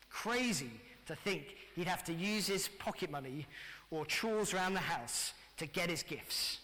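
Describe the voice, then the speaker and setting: Middle-aged english vicar, high bright voice, church reverb, preaching lively to kids and grown-ups. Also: male voice, normal speed. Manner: lively, addressing children directly. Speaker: pastor. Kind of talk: family sermon.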